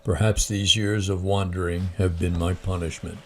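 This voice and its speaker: A man's voice: low-pitched, little pitch movement, normal speed, darkish tone, slight background noise. A man reading aloud, voicing a grieving refugee woman who speaks earnestly. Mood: sorrowful.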